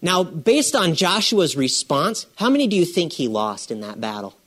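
A man preaching a sermon in a lively, conversational way, asking the congregation questions and repeating phrases for emphasis. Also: on the high side, moderate pace.

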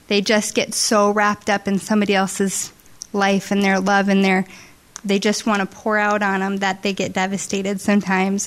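A woman giving an emotional, halting testimony to a church congregation, tearful and heartfelt. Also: mid-range voice, fairly bright tone. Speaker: church member sharing testimony. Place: church service.

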